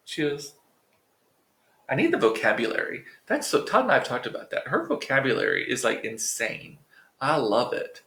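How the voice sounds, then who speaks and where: A man talks straight to his viewers in a loose, rambling vlog monologue, swearing freely and tossing in jokes and asides. His voice sits at a middling pitch. The sound carries a noticeable roomy echo. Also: huge pitch swings, a little slow, long pauses, bright, forceful tone. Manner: profane, joking, rambling asides. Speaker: vlog host. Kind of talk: casual chatty monologue to viewers.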